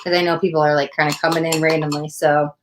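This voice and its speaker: A woman's voice: deep voice, flat delivery, fast, background noise. A woman from the United States hosting a livestream tarot reading, gushing with thanks and chatting casually with lots of "like" and "oh my God.".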